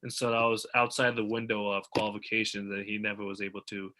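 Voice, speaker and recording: A young man with a very bright, forward voice talks as a guest over a video call. He is animated and eager as he breaks down races, with the energy of a casual chat. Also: lowish voice, quick pace. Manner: animated, eager sports talk. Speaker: guest athlete.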